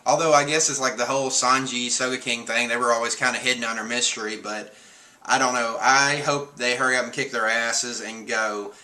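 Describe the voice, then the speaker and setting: A man's voice: medium pitch, fairly even intonation, brisk, pushed and bright. A man streaming, casually rambling through a comic chapter review, chuckling often and swearing now and then. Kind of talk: casual chat.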